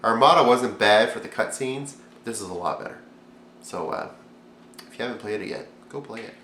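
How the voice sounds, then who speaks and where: A man giving a profane, sarcastic comedy rant as a video reviewer, swinging from loud outbursts to low mumbles. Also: expressive, fairly quick, roomy sound, a little hiss or hum.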